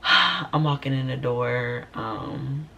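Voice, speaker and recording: Young man, sassy storytime vlogger, mid pitch, lively slangy delivery. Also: takes it slowly, gravelly, a little hiss or hum. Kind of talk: storytime vlog.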